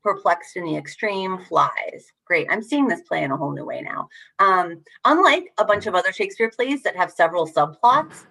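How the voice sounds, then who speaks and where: A young adult woman facilitating an online teacher workshop over a video call, encouraging and animated as she rereads lines with emphasis. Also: fairly low pitch, normal speed, few pauses.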